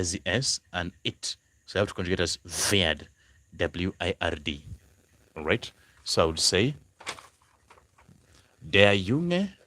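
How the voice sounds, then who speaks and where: A man tutoring German in a live online lesson, explaining slowly and repeating examples, greeting viewers by name. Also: low-pitched, bright, forceful tone. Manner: slow, repetitive explaining, spelling out words, greeting viewers.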